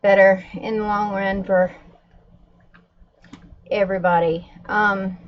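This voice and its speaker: A woman's voice: medium pitch, slow, dull audio. A woman livestreaming to her viewers in casual chat, a little out of breath and upset. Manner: upset, talking to viewers while calming pets.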